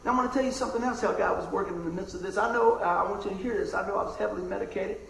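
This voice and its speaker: A man preaching a sermon, telling a personal story in a conversational, animated way that drops to a hush at times. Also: sits high, racing, creaky, reverberant, slight background noise, low-quality recording. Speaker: pastor.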